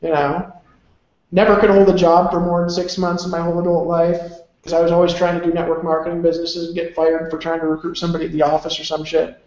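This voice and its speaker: This man speaks fast in a fairly high, slightly mellow voice with a completely flat delivery. He's a motivational speaker giving an emphatic, rambling talk full of salty language, captured in a very echoey, dull lo-fi room.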